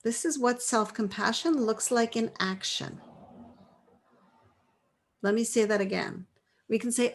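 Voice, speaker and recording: A woman in her forties leading a live online class, reading out chat replies in a gentle, affirming way and laughing often. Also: on the high side, unhurried. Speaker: course leader.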